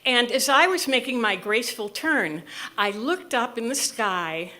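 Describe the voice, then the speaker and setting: A woman in her sixties from the US Midwest, telling a comic personal story with animated delivery and careful enunciation. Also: fairly high pitch, a little slow, noisy background. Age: 60s. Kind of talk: live storytelling.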